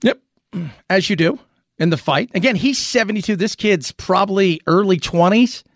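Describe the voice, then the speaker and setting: A man with a fairly high voice hosts an opinionated news commentary. He talks in an animated, rhetorical way and keeps restarting his sentences. The sound is dry and close, with no room echo. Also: moderate pace. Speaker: commentary show host.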